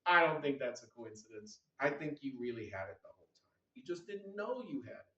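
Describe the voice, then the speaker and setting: A middle-aged man giving a lively medical lecture, teasing the audience and quizzing them. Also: mid-range voice, fairly quick, muffled recording. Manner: energetic, teasing, asks the audience questions. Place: large lecture hall. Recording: echoey hall recorded from a distance.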